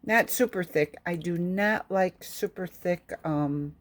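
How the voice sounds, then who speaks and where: A woman with a lowish voice talks through her stew in an easy, homey ramble. She takes her time and drifts from cooking tips into a childhood story. Her delivery is unhurried and chatty. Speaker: cooking vlogger. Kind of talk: casual cooking chat and storytelling.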